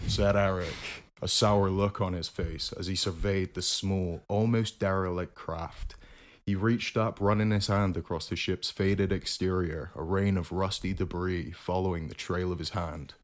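A man with a lowish voice hosts a podcast. He reads his own fan fiction aloud in an amused way, often laughing along. The reading is loose and casual. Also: fairly even intonation, normal speed, few pauses.

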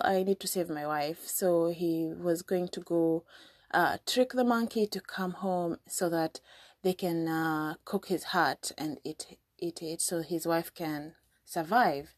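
A woman's voice: on the low side, darkish tone, dry recording, studio quality. A woman from Kenya hosting a podcast, chatty and casual as she retells a folk story with lots of fillers. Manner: chatty, frequent fillers and restarts. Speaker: podcast host.

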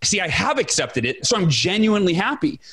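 A man in his forties, a guest author telling his story in a podcast interview with emphatic, animated delivery. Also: high-pitched, brisk, husky. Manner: animated, emphatic, acts out quoted dialogue.

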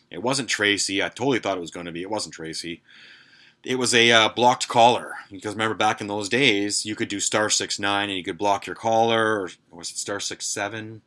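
A man's voice: fairly low pitch, bright, forceful tone. A man hosting a podcast, telling a story in a rambling, profane way with lots of fillers. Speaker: podcast host. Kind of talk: casual storytelling.

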